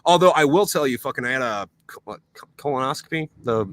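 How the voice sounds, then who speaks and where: Profane, bright-voiced young man telling stories. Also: mid-range voice, animated, fast, no echo. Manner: profane, storytelling, lots of fillers. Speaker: podcast host. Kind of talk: crude casual chat.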